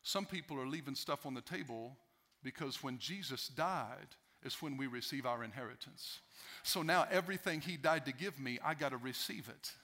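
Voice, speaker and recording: A man's voice: mid-range voice, moderate pace, pushed and bright. A male pastor preaching a sermon emphatically, repeating key phrases for effect.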